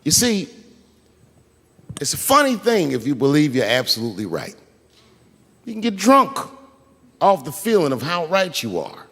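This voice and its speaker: A man doing stand-up comedy, telling a story in an animated, profane way. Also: fairly high pitch, normal speed, pauses often, slightly rough, long reverb tail.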